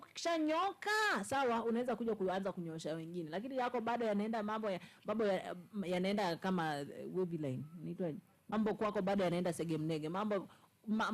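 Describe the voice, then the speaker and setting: A woman's voice: mid-range voice, low-quality recording. A woman with a Kenyan accent in casual political chat, scolding emphatically and repeating her points. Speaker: commentator.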